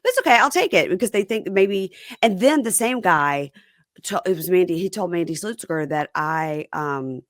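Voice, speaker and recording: Low-voiced Southern woman podcaster. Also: expressive, moderate pace, no room sound, clean studio sound. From American South. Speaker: podcast co-host. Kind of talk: casual chat.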